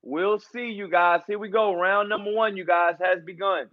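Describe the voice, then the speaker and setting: Hyped high-voiced man streaming fight commentary. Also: steady tone, moderate pace, narrow, tinny audio. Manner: loose, hyped, repeats catchphrases and fillers like man and y'all. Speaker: boxing commentator and channel host.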